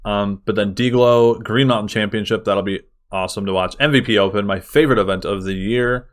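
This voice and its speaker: A man co-hosting a sports podcast in casual chat, excitable and full of fillers. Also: fairly low pitch, brisk. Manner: excitable, uses lots of fillers. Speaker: podcast co-host.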